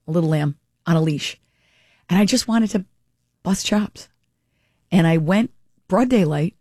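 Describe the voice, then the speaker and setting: A woman's voice: low-pitched, mellow, breathy edge, dry recording, clean studio sound. A woman hosting a radio talk show, telling a rambling story with lots of asides and reading a live ad. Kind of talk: chatty storytelling and live ad read.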